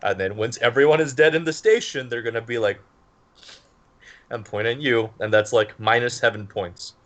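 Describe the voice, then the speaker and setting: A man's voice: medium pitch, normal speed, fairly bright tone. A man playing a tabletop game, rambling and laughing as he explains his character. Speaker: player. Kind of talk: tabletop game play, casual chat.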